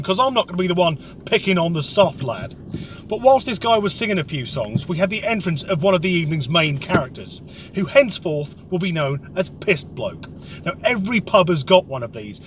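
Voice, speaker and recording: A man's voice: on the high side, a bit bright, a little hiss or hum. A man telling a comic rant story, sweary, sarcastic and exasperated. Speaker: comedic vlogger.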